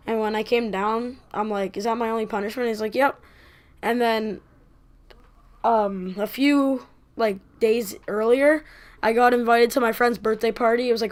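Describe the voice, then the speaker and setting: A woman vlogger telling a casual story, rambling and animated with many fillers. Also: on the high side.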